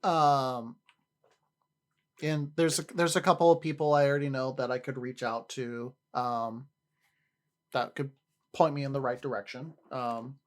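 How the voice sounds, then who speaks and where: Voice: medium pitch, fairly even intonation, measured pace, pauses often. A livestreamer in casual chat with viewers, rambling, often repeating and restarting words, and laughing easily.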